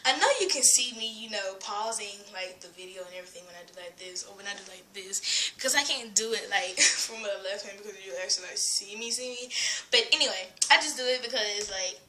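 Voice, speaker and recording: A woman's voice: medium pitch, brisk, sharp tone. A teenage girl ranting in a casual vlog, rambling with lots of fillers, giggling and dropping into whispers. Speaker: vlogger. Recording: echoey room.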